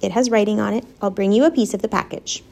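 A woman's voice: medium pitch, fairly even intonation, fast talker, vocal fry, darkish tone. A woman voicing a grumbling, put-upon male barn rat in a storybook reading, with a sarcastic, complaining manner.

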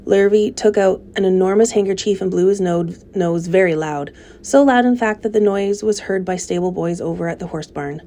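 Warm-voiced woman reading a story. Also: mid-range voice, moderate pace, hardly any pauses. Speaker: narrator. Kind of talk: reading a children's novel aloud.

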